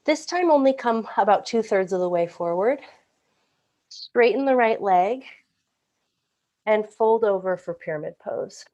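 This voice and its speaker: A woman leading a live-streamed yoga class, calmly cueing breaths and poses, a little out of breath, heard over a video call. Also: medium pitch, unhurried, long pauses. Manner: calm breath-paced cueing, occasional self-corrections. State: slightly out of breath. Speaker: yoga instructor.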